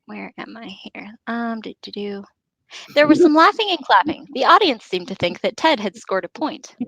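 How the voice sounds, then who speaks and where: A woman's voice: on the high side, very animated, normal speed, vocal fry, fairly bright tone, husky, no room sound, rough recording. A woman co-hosting a podcast, reading a book aloud and breaking off into giggly, joking chat.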